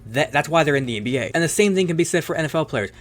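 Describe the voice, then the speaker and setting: A man hosting a casual sports opinion video, arguing heatedly with plenty of profanity and quick self-corrections. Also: fairly high pitch, animated. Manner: rapid-fire, self-correcting delivery. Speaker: sports commentary host.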